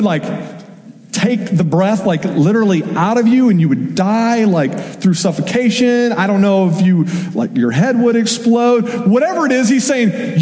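A young man delivers a sermon in a chatty, animated way, tossing questions at his listeners. His voice sits high but sounds mellow and soft-edged. A long reverb trails each phrase, as in a large hall. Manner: conversational, animated preaching with asides. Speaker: pastor.

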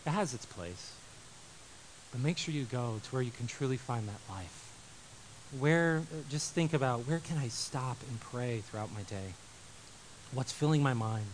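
A man in his thirties preaching a sermon, animated, moving from loud emphasis to quiet intensity. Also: on the high side, slight background noise, rough recording. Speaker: pastor.

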